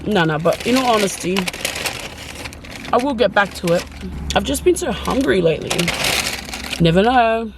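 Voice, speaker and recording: A woman's voice: medium pitch, lively intonation, moderate pace, pauses often, noisy background. A woman with an Australian accent chatting casually in a car for her vlog, giggly and teasing, a little sick with a cough. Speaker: vlogger. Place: in a parked car.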